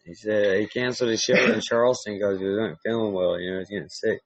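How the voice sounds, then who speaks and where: A man's voice: lowish voice, fast, dry recording. A middle-aged man with a Southern US accent, a podcast host in casual chat, laid-back and swearing a lot. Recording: dull, muffled dry recording.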